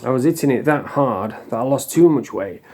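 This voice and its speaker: A man's voice: mid-range voice, expressive, a little fast, darkish tone. A middle-aged man from England, talking casually and bluntly to camera, rambling and swearing freely. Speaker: vlogger.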